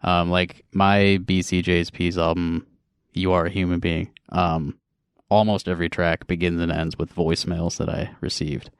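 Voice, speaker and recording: A man talking as a musician guest in casual chat, agreeable and quick to laugh. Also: low voice, little pitch movement, smooth, no room sound, clean studio sound. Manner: agreeable, frequent laughs and backchannels. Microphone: desk mic.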